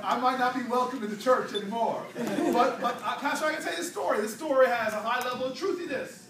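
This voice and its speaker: A man's voice: very high-pitched, quick pace. A man giving a rousing, preacherly speech with playful storytelling, trading call and response with a crowd in a church hall. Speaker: political speaker. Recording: echoey hall, distant mic, crowd.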